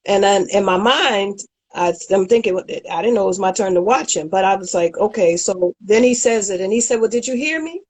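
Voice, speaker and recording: Husky woman telling a story. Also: mid-range voice, brisk, poor audio. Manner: animated storyteller, acts out quotes. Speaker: guest. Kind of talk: casual chat, storytelling.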